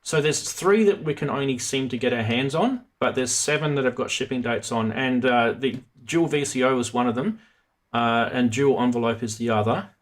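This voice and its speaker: A man's voice: mid-range voice, moderate pace. A man hosting a live stream about synth modules, chatting casually and rambling with many restarts. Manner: rambling, self-interrupting, chatty.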